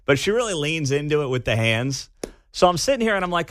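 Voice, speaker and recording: A male talk radio host who comments with sarcasm and swings his pitch all over. His voice is bright and forward. The studio sound is dry and close. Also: a little fast, no room sound. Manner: animated, sarcastic, mocking.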